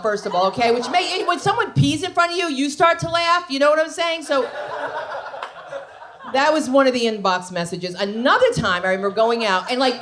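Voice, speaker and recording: A woman performing a stand-up comedy set, telling wild stories with shrieks and frequent asides to the audience. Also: high voice. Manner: animated storytelling with shrieks and asides to the crowd. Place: comedy club stage.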